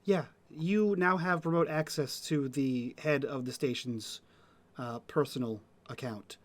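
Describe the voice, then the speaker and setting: A woman's voice: a bass voice, measured pace. A woman playing in a tabletop game, speaking plainly and matter-of-factly. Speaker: player.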